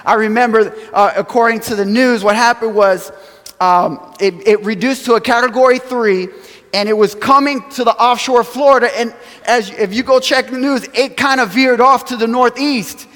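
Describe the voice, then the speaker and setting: A man preaching a sermon, telling stories with animated acted-out quotes and chuckles, from a church sanctuary. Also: very high-pitched, normal speed. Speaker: pastor. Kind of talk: sermon storytelling. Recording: long hall reverb.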